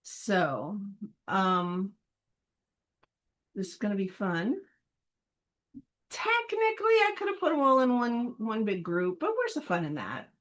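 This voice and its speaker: A woman's voice: medium pitch, wildly swooping pitch, slow pace, long pauses, rough recording. A woman organizing a film event, thinking aloud as she works and mumbling half-finished counts to herself. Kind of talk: thinking aloud while working.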